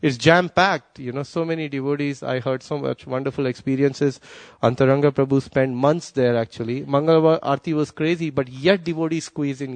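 Quick-talking man giving a devotional class. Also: a little high, no room sound. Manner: quick, with restarts and soft asides. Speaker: class speaker at a temple gathering.

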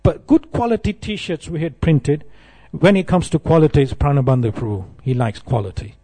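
A man's voice: on the high side, moderate pace, mellow. A middle-aged man giving a devotional class, telling humorous, self-deprecating stories. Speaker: temple speaker.

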